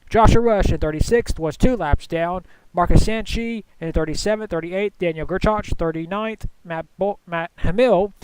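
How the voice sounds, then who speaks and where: High, clear-voiced male race commentator. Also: no room sound, low-quality recording. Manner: excited on the finish, then steady list reading. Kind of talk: sim racing play-by-play and results readout.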